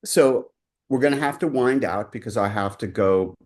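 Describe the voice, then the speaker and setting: A male co-host in casual chat, asking halting questions full of fillers. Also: medium pitch, darkish tone.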